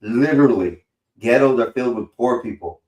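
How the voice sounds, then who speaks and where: A man's voice: mid-range voice, moderate pace, a little mellow, roomy sound, rough recording. A man hosting a live stream in casual chat, rambling and slangy, swearing freely and calling people bro. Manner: rambling, slangy and profane, says bro a lot. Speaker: streamer host.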